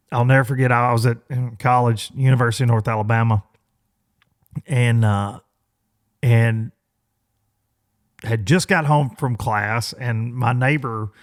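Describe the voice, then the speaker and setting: A man in his forties hosting a podcast, telling a story in a loose, rambling way with many fillers and restarts. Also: medium pitch. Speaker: podcast host. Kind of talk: casual storytelling monologue.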